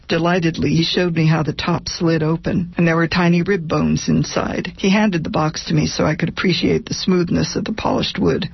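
Gravelly-voiced woman reading her memoir. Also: deep voice, fairly even intonation, moderate pace, few pauses, no room sound, highs cut off. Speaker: guest author. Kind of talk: reading a memoir excerpt aloud.

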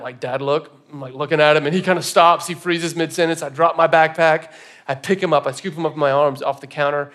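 Male pastor, 30s, high-ish voice, animated sermon storyteller. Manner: animated storytelling, acting out scenes, swinging from soft to loud. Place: church stage.

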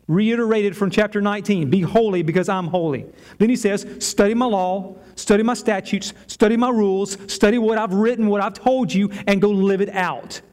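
A man preaching a sermon as pastor, earnest and emphatic, slowing down to stress key words. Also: high voice, darkish tone. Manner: stumbles over a Hebrew word.

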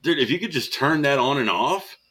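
A man's voice: mid-range voice, expressive, fairly quick, pushed and bright, husky. A man co-hosting a podcast, telling teasing stories in casual chat. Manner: teasing storyteller, loose and joking. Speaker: podcast co-host.

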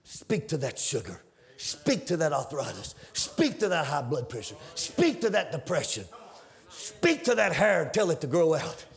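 Fervent preacher, high gravelly voice. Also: male voice, sing-song, moderate pace. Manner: fervent, rising to shouted climaxes; storytelling in a folksy, conversational way. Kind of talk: sermon.

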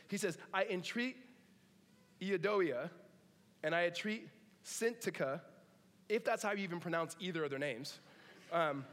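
A man preaching a sermon in a relaxed, conversational way, with joking asides and animated retellings of stories. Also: fairly high pitch, long reverb tail. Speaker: pastor.

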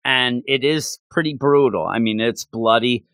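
A man co-hosting a casual chat, animated and excitable, slipping into quoted voices. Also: mid-range voice, unhurried, dry recording, studio quality. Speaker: podcast co-host.

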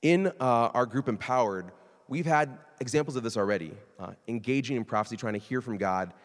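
A man preaching a sermon in a conversational, animated way, sometimes acting out quoted voices. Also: mid-range voice, brisk, in a large hall. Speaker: pastor.

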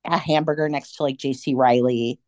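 A woman's voice: a bass voice, fairly even intonation, fairly quick, darkish tone, no room sound. A woman co-hosting a podcast, chatting casually and animatedly, often acting out quotes. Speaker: podcast co-host. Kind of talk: casual fan chat.

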